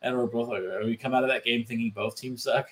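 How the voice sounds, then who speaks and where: A man co-hosting a podcast, chatting casually and riffing in an animated way. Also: medium pitch, slight background noise. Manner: animated, quick riffing, lots of fillers. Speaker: podcast co-host. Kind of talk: casual chat.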